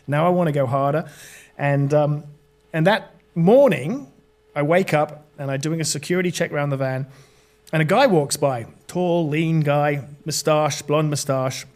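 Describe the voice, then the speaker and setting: A man's voice: on the high side, moderate pace, a little mellow. A middle-aged British man, a podcast guest, telling a long story with many fillers and restarts. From Britain. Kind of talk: storytelling in interview.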